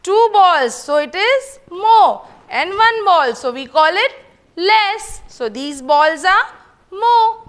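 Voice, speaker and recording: A woman's voice: extremely high pitch, very animated, takes it slowly, a bit bright. A middle-aged woman with an Indian English accent teaching a kindergarten class, coaxing the children and answering her own questions in a sing-song way. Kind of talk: online class lesson for young children.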